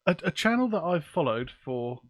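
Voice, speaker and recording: Chatty podcast host, dry sound. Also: male voice, on the high side, very animated, normal speed, no room sound. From England. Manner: casual, chatty, swears offhandedly. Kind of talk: live-streamed podcast chat. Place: home office with windows open. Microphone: desk microphone.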